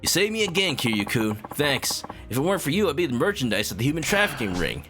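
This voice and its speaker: A man voicing an eager young male journalist who talks in an excited, raised voice. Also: mid-range voice, fast talker, faint music behind, pitched above the performer's own voice.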